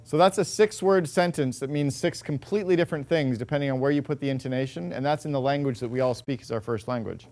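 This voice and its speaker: A man's voice: mid-range voice, fast, hardly any pauses, darkish tone. Punchy, direct man giving a talk. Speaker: speaker addressing an audience. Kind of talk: motivational business talk. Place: room with a live audience.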